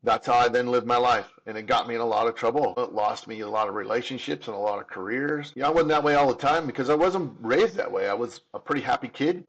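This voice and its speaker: A man's voice: medium pitch, slightly rough, dull audio. A man in his fifties telling his own story as an interview guest, candid and earnest, often restarting and repeating words. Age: 50s. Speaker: podcast guest.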